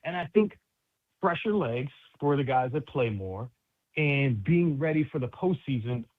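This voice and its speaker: A man's voice: mid-range voice, lively intonation, a little slow. A man from New York City, a basketball analyst guest, chatting casually and animatedly on sports radio with street slang, over a tinny phone line.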